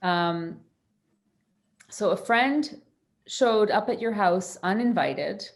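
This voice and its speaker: A woman's voice: mid-range voice, expressive, slow. A woman therapist chatting on a video call, easygoing and laughing often, with many restarts. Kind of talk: casual panel chat on a video call.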